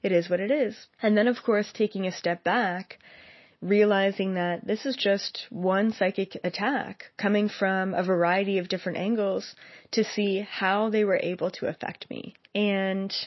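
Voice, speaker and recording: A woman's voice: medium pitch, steady tone, measured pace, dry recording. A young woman who works as a psychic, speaking earnestly and a bit rambling to her viewers with lots of fillers. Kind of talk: personal monologue to viewers. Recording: slightly muffled, dry sound.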